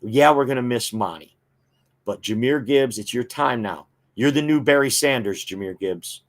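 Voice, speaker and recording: A man's voice: mid-range voice, normal speed. A man hosting a football talk show, giving fan opinions and reading viewer comments in a casual, chatty way with frequent filler words.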